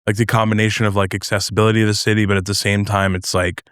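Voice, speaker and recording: A man's voice: on the low side, little pitch movement, racing, fairly bright tone, clean tone, no echo, studio quality. A young man from North New Jersey, a comedian guest chatting casually on a podcast, rambling and hesitant with many fillers.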